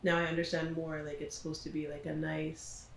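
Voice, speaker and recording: A woman in a casual group conversation, speaking haltingly as she thinks aloud. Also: low-pitched, level tone, creaky, echoey room.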